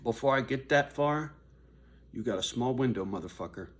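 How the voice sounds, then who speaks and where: An older man vlogging to his viewers in a confrontational, profane rant, dropping to low mutters and then rising to raised shouting. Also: moderate pace. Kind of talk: angry direct-to-camera rant.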